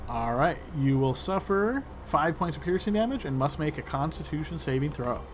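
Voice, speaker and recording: A man running a tabletop game as game master, narrating in a relaxed way with fillers. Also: on the high side, moderate pace. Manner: relaxed, describing actions with fillers.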